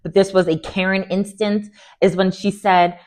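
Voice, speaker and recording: A woman's voice: medium pitch, moderate pace. A woman hosting a reality TV recap, talking casually with sass and strong opinions, often slipping into mocking voices for quotes. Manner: animated, sassy, acts out quotes in mocking voices.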